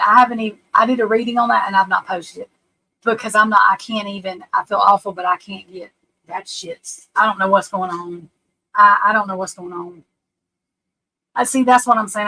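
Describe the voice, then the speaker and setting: A woman's voice: a little high, sharp tone, poor audio. A middle-aged woman from the United States hosting a live stream, rambling and frank, restarting her sentences and swearing casually.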